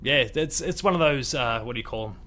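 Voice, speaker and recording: A man's voice: mid-range voice, fast, bright, forceful tone. A man with an Australian accent hosting a gaming podcast, talking in a loose, rambling, casual way with mild swearing. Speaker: podcast host. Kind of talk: casual chat.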